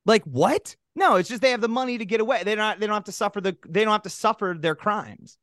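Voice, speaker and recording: A man's voice: high voice, quick pace, a bit bright, no echo, clean studio sound. A man co-hosting a comedy podcast, riffing in casual chat with profane asides and mock voices. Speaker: podcast co-host.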